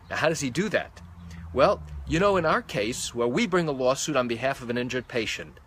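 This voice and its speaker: A man's voice: on the high side, a bit bright. A man, a malpractice lawyer, explaining a legal point on a live stream, counting off points one by one, into a phone held close. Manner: methodical, counts points off by number.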